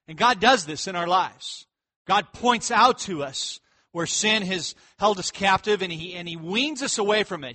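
A man preaching an expository sermon, teaching through a passage verse by verse and voicing the characters in quick asides. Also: sits high. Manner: animated, voices characters in dialogue asides. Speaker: pastor.

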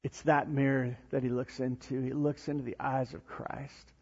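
Pastor guy preaching, kinda husky, gets loud then goes hushed, long echo off a big hall, muffled sound. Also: normal speed. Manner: animated preaching, rising to near-shouts then dropping low and soft. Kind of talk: sermon. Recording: dull lo-fi sound in a reverberant hall.

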